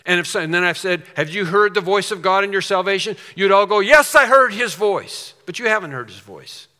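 A man's voice: sits high, expressive, fast talker, bright, forceful tone, long reverb tail. A man preaching a sermon as a pastor, earnest and emphatic, with storytelling asides.

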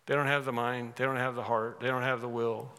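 A man's voice: mid-range voice, level tone, brisk, sharp tone, clear, resonant tone. A man preaching a sermon, speaking emphatically and repeating phrases for effect. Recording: long hall reverb.

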